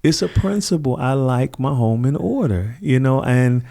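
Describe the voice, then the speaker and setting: A middle-aged man speaks with a warm, mellow tone at an ordinary pitch. He talks earnestly and reflectively in a relaxed interview conversation, sometimes slipping into the voices of people he quotes. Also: moderate pace, creaky. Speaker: podcast guest.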